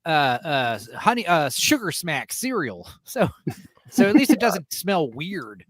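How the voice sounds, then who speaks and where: High-voiced man telling wild stories. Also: takes it slowly, dry recording, studio quality. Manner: animated storytelling, acts out scenes in high yelps. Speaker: podcast host. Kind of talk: casual chat.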